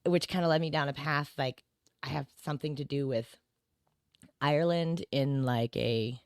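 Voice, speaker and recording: A woman's voice: a bass voice, normal speed, smooth, dry recording, clean studio sound. A woman as a podcast guest in casual chat, rambling with many "like"s and tag questions and laughing often.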